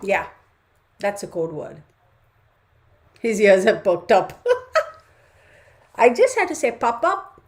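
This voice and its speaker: A woman's voice: medium pitch, big pitch swings, takes it slowly, long pauses, darkish tone. Woman, livestream host, chatty, laughs a lot, reads out comments. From United States. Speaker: tarot channel host. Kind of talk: casual livestream chat.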